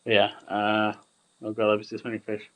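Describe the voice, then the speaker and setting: A man's voice: fairly low pitch, monotone, normal speed, poor audio. A young man rambling through casual gameplay commentary, chatty and self-mocking.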